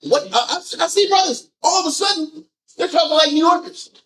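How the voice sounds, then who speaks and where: A man leading a group scripture discussion, animated and firing off rhetorical questions. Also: very high voice, a little fast. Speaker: discussion leader.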